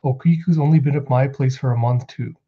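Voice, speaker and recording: A man's voice: mid-range voice, fairly quick, husky, dull audio, close to an everyday voice. A man reading out the lines of a kind but stern woman innkeeper in a firm, insistent way, only slightly raising his voice. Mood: explaining.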